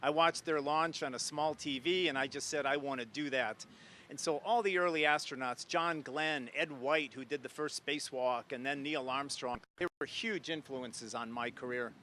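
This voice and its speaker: A man's voice: mid-range voice, normal speed, sharp tone, a little hiss or hum. A man in his sixties from Ohio, an astronaut guest telling an anecdote with enthusiasm. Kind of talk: interview storytelling.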